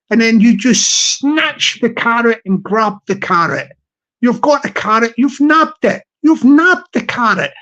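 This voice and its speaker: A man's voice: very high-pitched, a bit bright, highs cut off. Rambling upbeat male live-streamer. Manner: repetitive, upbeat, ship-captain pep talk.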